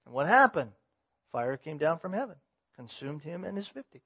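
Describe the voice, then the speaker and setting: A man's voice: fairly high pitch, very animated, normal speed, a bit bright, slightly rough. A man preaching an expository sermon, verse by verse, building emphasis on key points. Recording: slightly muffled lo-fi sound.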